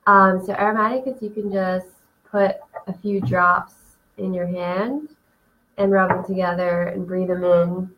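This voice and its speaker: A woman co-hosting a casual live class, explaining in a flat, hesitant way with many pauses. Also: on the low side, highs cut off. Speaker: co-host of an essential oils class.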